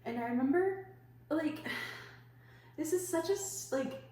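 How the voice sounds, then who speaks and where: A woman's voice: high voice, lively intonation, takes it slowly, darkish tone. A young woman co-hosting a podcast, telling a long personal story in casual chat, full of "like" and frequent laughs. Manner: rambling, heavy use of "like", laughs often. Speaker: podcast co-host. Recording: echoey room, mic at a distance, faint hiss.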